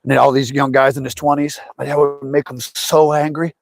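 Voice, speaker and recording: A man's voice: mid-range voice, brisk, vocal fry, no room sound. A middle-aged man hosting a fishing livestream, telling rambling, anecdotal stories in a casual chat. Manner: rambling and anecdotal, lively voices for quotes.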